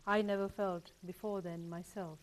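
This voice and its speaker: A woman guest in a studio discussion, a solicitor speaking in a measured, thoughtful way. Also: mid-range voice, fairly even intonation, slight background noise.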